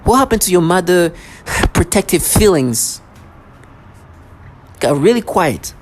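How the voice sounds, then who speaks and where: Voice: medium pitch, very animated, takes it slowly, a little hiss or hum. A vlogger ranting to camera in an agitated, accusatory way, full of sarcasm and stammered restarts.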